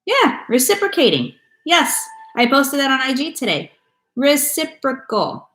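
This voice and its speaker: A woman's voice: high voice, very animated, normal speed, fairly bright tone. A woman giving a casual tarot reading to her viewers, talking bluntly and with a lot of swearing. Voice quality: blunt and profane. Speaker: tarot reader. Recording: echoey room with faint music.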